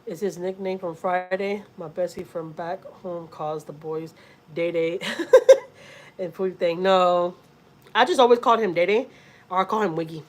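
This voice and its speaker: A woman's voice: fairly low pitch, fairly even intonation, measured pace. A woman from Houston with a Southern accent, chatting casually on a home livestream, blunt and salty, and talking to her cat now and then. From Houston, Texas. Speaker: vlogger. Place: home, indoors.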